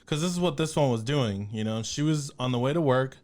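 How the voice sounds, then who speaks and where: A man hosting a casual podcast, telling a story in an animated way and swearing often. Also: mid-range voice, brisk. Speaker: podcast host.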